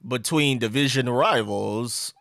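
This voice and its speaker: A man's voice: medium pitch, takes it slowly, creaky, a bit bright, no room sound, clean studio sound. A young man hosting a live stream, chatting loosely and reading out viewer comments. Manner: loose and conversational, reads out chat comments. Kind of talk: casual live-stream chat.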